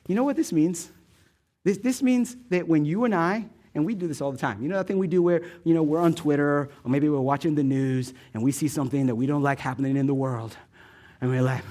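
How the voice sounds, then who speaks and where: A male pastor with an American Midwest accent, preaching a sermon in a joking, animated storytelling way and asking the room for replies. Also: high voice. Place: church stage.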